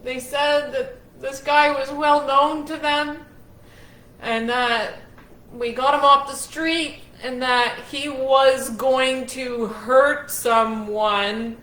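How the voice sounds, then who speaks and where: A frank woman recounts her own experience in a slow, unhurried way, her tone bright and a bit sharp. She speaks candidly and unashamedly. The room around her rings with a roomy echo. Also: high-pitched, fairly even intonation. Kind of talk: personal storytelling to camera.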